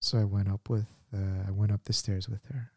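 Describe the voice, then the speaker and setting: A man in his thirties hosting a podcast and telling a story in an animated, casual way, laughing at himself. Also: on the low side, brisk, vocal fry, slightly rough, dry recording, studio quality. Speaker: podcast host.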